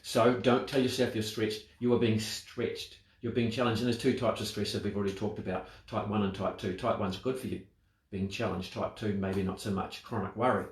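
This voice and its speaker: A man's voice: lowish voice, fairly even intonation, a little fast, echoey room. A man giving a motivational talk on self-talk, reflective and full of rhetorical questions. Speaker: speaker on mental wellbeing.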